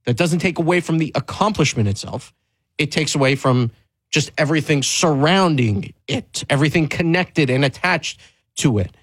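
A man's voice: fairly high pitch, lively intonation, moderate pace, dry recording, poor audio. A man hosting a sports talk show, speaking emphatically and candidly, pressing his points with rising stress and frequent restarts.

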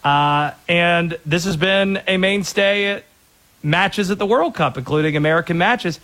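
A man with a fairly high voice hosting sports talk radio. He riffs with energy and jokes freely, talking fast. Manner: energetic, joking, rapid riffing.

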